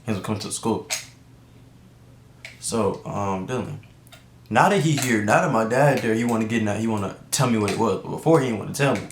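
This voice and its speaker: A young adult YouTuber from Atlanta, USA tells a personal story to the camera in a casual storytime monologue, rambling with slang, restarts and asides. His voice sits on the low side and moves fairly quickly with frequent pauses. The recording has a roomy echo and faint background noise.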